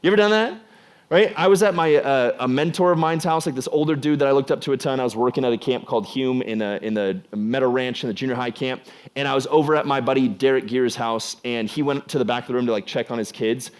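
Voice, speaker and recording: A man's voice: mid-range voice, quick pace. Casual young man preaching to teens. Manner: conversational, filler-heavy with frequent "like". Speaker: youth pastor. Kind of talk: casual youth sermon.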